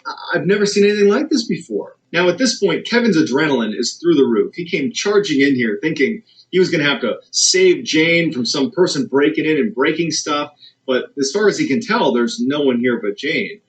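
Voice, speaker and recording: A man's voice: lively intonation, moderate pace, low-quality recording. A man narrating a dramatic true scary story, building suspense as he goes. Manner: suspenseful, builds tension with rising pitch.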